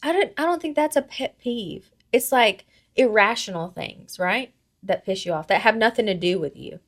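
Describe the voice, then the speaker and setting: A woman's voice: fairly high pitch, lively intonation, normal speed. A woman co-hosting a podcast in casual chat, brash, profane and teasing. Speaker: podcast co-host.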